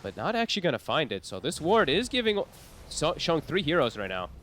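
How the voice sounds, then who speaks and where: A man with a North American accent casting a live esports match, with quick play-by-play and reactions. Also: a little high, huge pitch swings, a bit bright, faint music behind. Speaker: esports caster.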